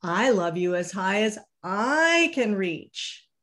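A large, tender male hare from a bedtime picture book, read by a woman. His lines are gentle and soothing. The pace is slow and patient. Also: medium pitch, big pitch swings. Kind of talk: children's storybook reading.

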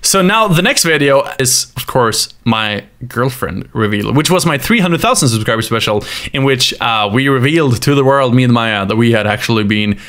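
A man casually talking through his own past videos, animated and laughing often, openly emotional at times. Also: mid-range voice, moderate pace. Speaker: YouTuber looking back on his videos. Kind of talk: casual commentary over his own clips. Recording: music bed under the voice. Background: his own music playing underneath.

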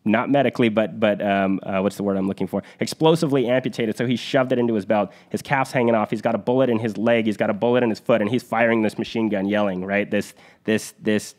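A man's voice: on the low side, steady tone, fast, darkish tone. A man hosting a podcast, retelling a battle story in an earnest, vivid conversational way, with restarts and fillers. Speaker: podcast host.

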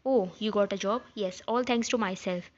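A woman's voice: medium pitch, normal speed. Woman reading a fan story evenly. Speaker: story narrator. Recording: slightly dull lo-fi sound.

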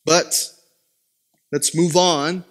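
High-voiced young pastor telling stories. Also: male voice, drawn-out words. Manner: lively storytelling with self-deprecating humor; dramatic pitch swings for emphasis. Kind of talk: sermon.

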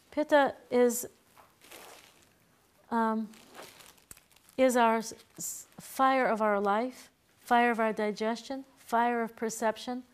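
Lively, laughing woman teaching a class. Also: fairly high pitch, takes it slowly, pauses often, clear, resonant tone. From Boston, USA. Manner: chatty, laughs often, acts out voices. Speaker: herbalism teacher. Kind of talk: casual classroom lecture.

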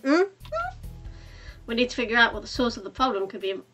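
A woman voicing an eccentric, self-assured female detective who speaks with deadpan certainty. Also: fairly high pitch, quick pace, faint music behind. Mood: serious.

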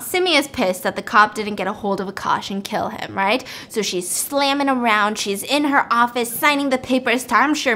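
Chatty high-voiced woman retelling a plot. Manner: animated, chatty, acts out quotes. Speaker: host. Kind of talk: casual storytelling of a movie plot.

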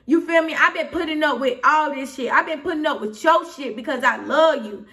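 A woman's voice: high-pitched, brisk, a bit bright, recorded from a distance. A young woman with an Atlanta Southern accent, telling a rambling, candid storytime and asking "you feel me" again and again. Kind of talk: casual storytime vlog.

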